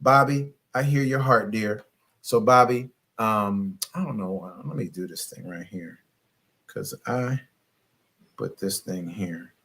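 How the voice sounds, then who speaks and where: A middle-aged man coaching on relationships in a late-night live stream, animated and preachy, scolding his viewers playfully and laughing often. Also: lowish voice, slow pace. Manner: fumbles with his phone while reading comments.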